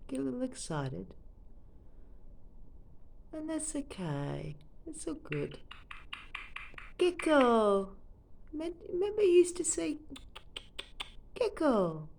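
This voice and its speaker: Doting Australian woman with a gravelly edge. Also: high-pitched, sing-song, a little slow, long pauses, slight background noise. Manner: soft, doting baby-talk to her bird. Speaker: pet parrot owner. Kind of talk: casual chat to a pet on camera. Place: at home, leaning over a couch. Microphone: phone camera held close.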